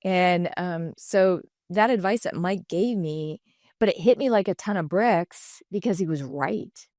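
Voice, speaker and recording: Lively middle-aged woman telling stories. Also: on the low side, measured pace, no room sound, studio quality. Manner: animated, acts out quoted dialogue in shifting voices. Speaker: podcast guest, designer and entrepreneur. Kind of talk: candid conversational storytelling.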